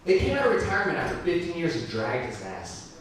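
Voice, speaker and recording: A young man performing a stand-up comedy set in a club, with wry, self-deprecating delivery and quick crowd work. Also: mid-range voice, wildly swooping pitch. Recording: echoey club room from a distance with audience noise.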